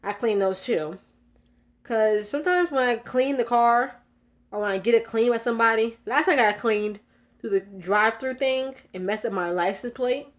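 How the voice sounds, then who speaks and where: A woman's voice: fairly high pitch, normal speed. A young woman vlogging from her car, chatting casually, a little out of breath, with lots of fillers and laughs. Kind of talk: casual storytelling vlog.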